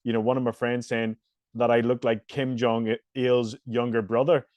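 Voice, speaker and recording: A man's voice: mid-range voice, little pitch movement, moderate pace, darkish tone, dry recording. Earnest Northern Irish man, dry sound. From Northern Ireland. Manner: reflective, earnest, frequent "you know" fillers. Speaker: host and fitness coach. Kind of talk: casual podcast conversation.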